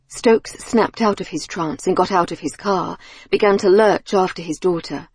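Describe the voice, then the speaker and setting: A woman reading an audiobook thriller in a measured, tense storytelling manner on a close studio mic. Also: fairly low pitch, darkish tone, breathy edge, no echo. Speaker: audiobook narrator. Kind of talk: scripted audiobook narration.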